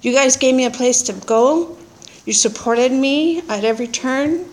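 High-voiced woman sharing her story. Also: a little slow. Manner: animated storytelling with frequent laughter; blunt and earthy. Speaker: speaker sharing at a recovery meeting. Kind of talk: personal testimony.

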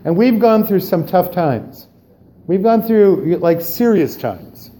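A man sharing his own story at a recovery meeting, animated and acting out dialogue, then growing quiet and subdued on serious parts. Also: sits high, takes it slowly. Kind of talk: personal recovery share.

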